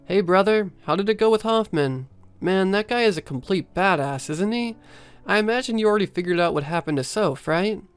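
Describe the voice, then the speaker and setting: A man voicing a hotheaded, excitable young male friend in a spoken horror story, talking brash and swaggering. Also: medium pitch, normal speed, clear, resonant tone, soft background music, close to an everyday voice. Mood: excited, tough.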